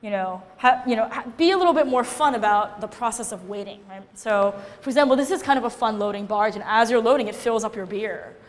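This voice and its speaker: A woman giving a casual, animated classroom lecture, often checking in with her listeners by asking "right?". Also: a little high, a little fast, hardly any pauses, big-room sound.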